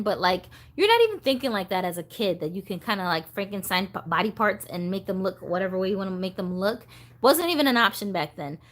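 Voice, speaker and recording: A woman's voice: mid-range voice, a bit bright. A woman hosting a casual doll-collector livestream, chatting in a rambling, easygoing way and reading viewer comments aloud.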